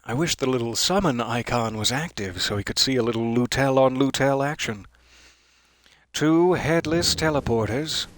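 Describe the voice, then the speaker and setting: A man's voice: mid-range voice, normal speed, no echo. A man giving live gameplay commentary, wry and musing, chatting to the enemies he fights. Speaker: streamer playing a video game.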